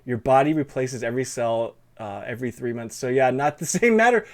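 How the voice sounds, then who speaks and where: A man's voice: mid-range voice, animated, a little fast. A young man with a lisp hosting a stream interview, talking in a loose, rambling way full of fillers. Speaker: stream host interviewing a guest. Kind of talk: casual chat.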